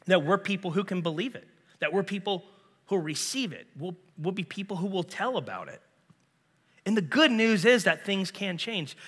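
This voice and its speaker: A man preaching a sermon as pastor, earnest and emphatic, his throat a little clogged so he keeps clearing it. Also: sits high, sharp tone. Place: church sanctuary. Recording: long reverb of a large hall.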